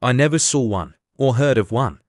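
Storybook girl, polite and a bit sharp, male narrator, dry close sound. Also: medium pitch, expressive, moderate pace, no echo, lightly acted. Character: curious, polite young girl Alice.

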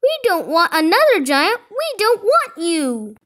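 A loud, shouting band of storybook villagers, read out by a woman. The voice is high and leaps around in pitch. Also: big pitch swings, slow, heavily acted. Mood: angry. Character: crowd of cross villagers, mixed ages.

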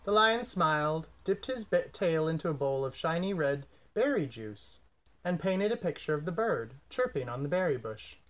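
A man reading a children's picture book aloud in a gentle, expressive storytelling manner. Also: fairly high pitch, moderate pace.

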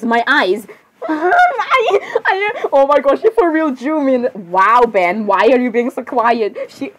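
Excitable woman, lively high voice. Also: poor audio. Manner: excitable, giggly, full of exclamations. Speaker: video creator reacting to drawings. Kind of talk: casual reaction commentary.

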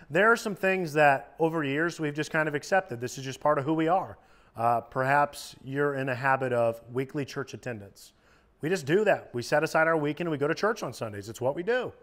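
A man who is a youth minister, giving a casual sermon in a lively, joking conversational way. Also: on the high side. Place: church youth service.

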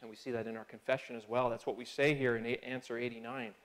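A man's voice: level tone, fast talker. A man preaching a sermon in church, earnest and conversational, swelling on key phrases and slipping into small restarts. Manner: earnest, rises in pitch and loudness on key phrases. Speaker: pastor. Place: church sanctuary.

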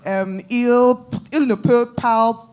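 A woman in the congregation speaking halting French, slowly and hesitantly with many pauses. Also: on the high side, steady tone, a little mellow, smooth. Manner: hesitant, many fillers and restarts.

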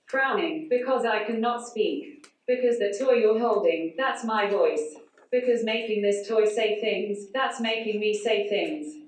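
A woman's prepared talk at a conference is read aloud by text-to-speech, producing a flat, computer-generated voice with no intonation. The mid-range voice keeps a measured pace and comes from a distance in a large, echoey conference hall.

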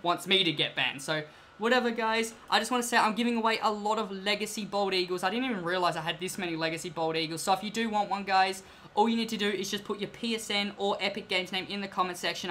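Young male gaming YouTuber, bright tone, excitable, faint background hiss. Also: sits high, quick pace. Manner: excitable, indignant when crossed. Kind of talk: casual gameplay commentary and trading.

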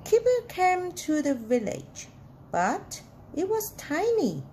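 A woman reading a children's storybook aloud in a slow, clearly enunciated, sing-song way. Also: very high-pitched, wildly swooping pitch, mellow, slight background noise.

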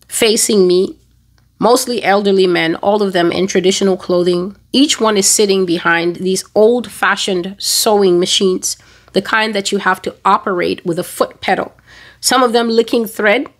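Woman preaching an emphatic testimony. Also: mid-range voice. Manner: emphatic, repeats words and phrases for effect; slows down and stresses key words. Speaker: Christian testimony speaker. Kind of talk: dramatic personal testimony with preaching.

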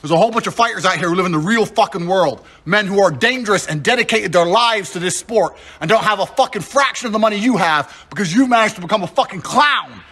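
A man's voice: high-pitched, expressive, fast talker, hardly any pauses, bright, forceful tone, breathy edge. A man delivering an aggressive, taunting, heavily profane challenge. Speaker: internet personality. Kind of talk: confrontational callout rant.

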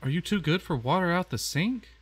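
A man giving casual let's-play commentary on a horror game, chatty and quick to exclaim, often repeating himself. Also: high-pitched, animated, husky. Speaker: gamer playing a horror game.

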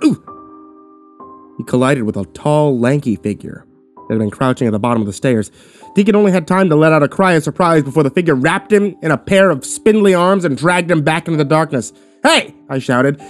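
A man narrating a horror story in the first person with steady, dramatic delivery. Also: on the high side, quick pace, faint music behind. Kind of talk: scripted narration.

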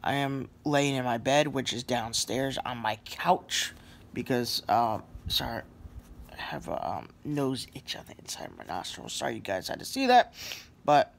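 A drowsy man talks into a nearby camera from his couch at home. He drawls slowly, trailing off between thoughts with many ums and sorries, his voice at a middling pitch. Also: expressive, creaky, a bit bright. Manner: rambling, halting, many fillers and apologies. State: very sleepy. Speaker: vlogger. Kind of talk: casual selfie vlog. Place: lying on a couch indoors at home.

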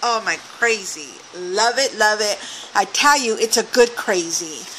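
A woman's voice: mid-range voice, lively intonation, measured pace, a bit bright, a little hiss or hum, rough recording. A woman craft vlogger opening a swap package, gushing and exclaiming as she goes. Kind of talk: casual unboxing chat.

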